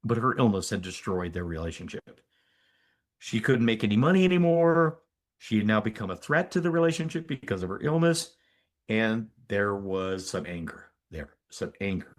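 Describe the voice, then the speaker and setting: Animated older man telling a story. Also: on the low side, moderate pace. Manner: animated, emphatic storyteller with asides. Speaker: physician and energy healer, podcast guest. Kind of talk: conversational storytelling in an interview.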